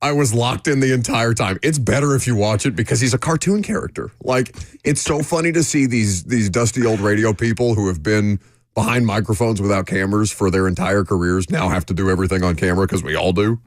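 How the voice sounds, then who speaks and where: A man co-hosting a sports radio show, joking and bantering in quick, lively reactions. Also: on the low side, no room sound, clean studio sound.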